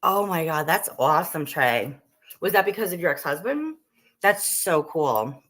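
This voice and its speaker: A woman's voice: low voice, very animated, measured pace, a bit bright. A woman from the Northeastern United States hosting a livestream, chatting casually with viewers in a rambling way, full of "like" and "um". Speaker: livestream host. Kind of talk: casual chat while cooking, answering viewer comments.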